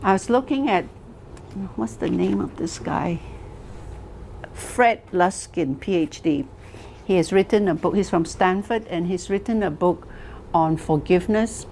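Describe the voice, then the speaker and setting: A woman teaching a class, telling stories slowly and deliberately, asking rhetorical questions and repeating phrases for emphasis. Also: lowish voice, a little mellow, slight background noise. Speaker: wellness teacher. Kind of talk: lecture to a class.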